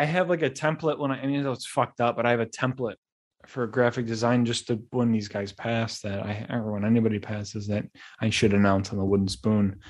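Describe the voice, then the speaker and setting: A young man hosting a podcast, telling casual stories in a rambling, animated way with frequent restarts. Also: on the low side. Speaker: podcast host. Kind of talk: casual monologue.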